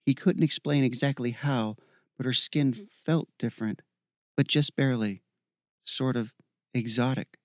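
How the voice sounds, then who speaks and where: A man reading a fantasy story aloud as narrator, in a steady, even storytelling voice. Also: mid-range voice, a little slow, no room sound, clean studio sound. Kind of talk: audiobook narration.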